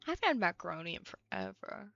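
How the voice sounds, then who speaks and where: A woman's voice: mid-range voice, big pitch swings, fast talker, gravelly, a bit bright, no room sound, highs cut off, soft background music. A young woman from the United States streaming a game, chatting casually and ranting bluntly with plenty of swearing. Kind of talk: casual stream chat while playing.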